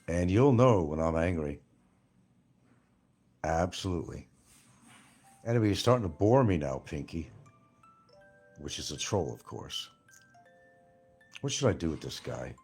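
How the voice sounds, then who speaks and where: A man's voice: low-pitched, darkish tone, slightly rough. A man hosting a casual livestream and answering viewer comments in a blunt, profane, combative way. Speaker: livestream host.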